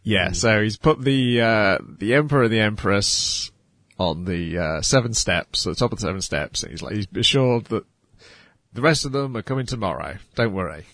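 A man's voice: lowish voice, lively intonation, normal speed, fairly bright tone, no echo. A man co-hosting a casual podcast, talking in a hesitant, wry way with many fillers. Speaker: podcast co-host. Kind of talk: casual chat reviewing anime.

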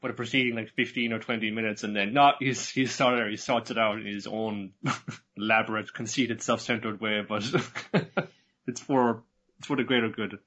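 A man's voice: lowish voice, moderate pace, breathy edge. A man co-hosting a podcast, talking casually about an anime and acting out characters' lines. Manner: relaxed, acts out characters' lines. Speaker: podcast co-host. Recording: slightly dull lo-fi recording.

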